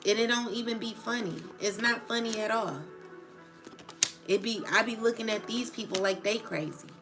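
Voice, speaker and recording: At a moderate pace and with a slightly high voice, a woman rants emotionally on her tarot livestream as music plays. Her agitated speech is full of profane casual slang, and she frequently asks "you know what I'm saying."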